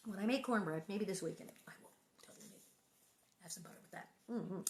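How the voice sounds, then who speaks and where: Reading a children's novel aloud on a stream, a woman pauses for playful, chatty asides and replies to comments. Her voice sits at medium pitch with a dark tone, moving a little fast.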